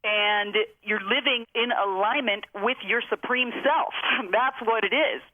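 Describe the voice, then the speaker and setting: Woman guest on a phone line, high voice, emphatic motivational storyteller. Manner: emphatic, slows down for key phrases.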